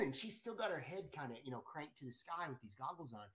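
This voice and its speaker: A middle-aged man, the guest storyteller, eagerly recounts something from his own life in an animated way. His voice is fairly high and fairly bright, full of expression, and he talks quickly with few pauses, often restarting and repeating words.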